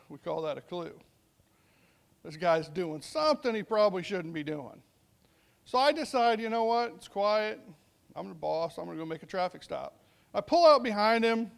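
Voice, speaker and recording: A man's voice: high-pitched, vocal fry. A middle-aged man, a police sergeant, telling a story in a conversational speech and acting out bits of dialogue. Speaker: police sergeant speaking at a veterans summit.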